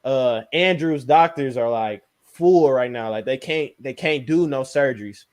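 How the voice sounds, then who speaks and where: A young man, a podcast guest, telling a basketball injury story in casual, slangy, animated speech. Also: measured pace. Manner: animated, slangy, sound words like "boom, bam".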